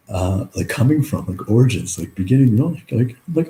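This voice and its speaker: A man's voice: mid-range voice, lively intonation, fairly quick, dark tone. A young man in a reflective personal monologue, rambling through many fillers and swearing freely. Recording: echoey room.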